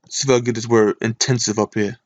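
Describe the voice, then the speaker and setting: A man's voice: medium pitch, steady tone, quick pace, muffled recording. A man giving a Bible lesson from his computer screen, asking and answering his own questions as he reads. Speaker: Bible teacher. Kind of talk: screen-share scripture lesson.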